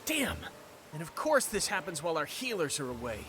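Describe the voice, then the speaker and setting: An actor voicing a hostile, excitable young male townsman in a video game, confrontational. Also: fairly high pitch, fairly quick, background noise. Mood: agitated. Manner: confrontational, animated.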